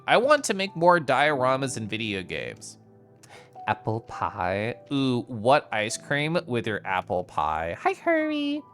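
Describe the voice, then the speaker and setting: Bubbly streamer with squealy "ooh"s. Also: mid-range voice. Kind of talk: casual live-stream commentary.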